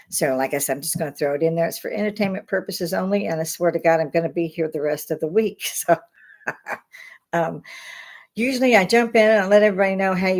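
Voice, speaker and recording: A woman's voice: lowish voice, darkish tone. A woman hosting a casual livestream from her home bar, talking bluntly and swearing as she rants. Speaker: livestream host. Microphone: webcam.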